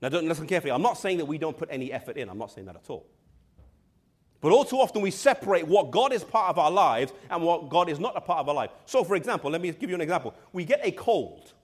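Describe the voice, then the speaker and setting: A male preacher with a high voice delivers an emphatic sermon. He speaks straight to the congregation, slows down to stress key words and sometimes sinks to a near-whisper. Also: sing-song, husky. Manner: addresses the congregation directly.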